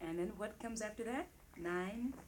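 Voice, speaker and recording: A woman's voice: medium pitch, unhurried, a little mellow, slight background noise. A woman leading children through a counting rhyme, coaxing and encouraging them in a teacherly way. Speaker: children's session leader.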